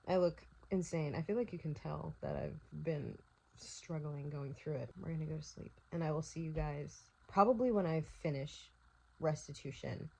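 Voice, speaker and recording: Her deep voice is gravelly yet warm, at a normal speed, captured in poor audio with slight background noise. A young book vlogger at home at night, she chats casually into her phone, worn out and near tears, swearing as she gushes about a book.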